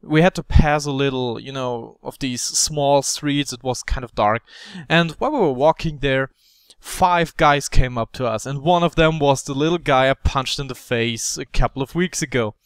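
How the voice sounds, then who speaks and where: A young man in his twenties telling a rambling, animated story over gameplay, with many fillers. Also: medium pitch, normal speed, smooth, no echo. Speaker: gaming commentator.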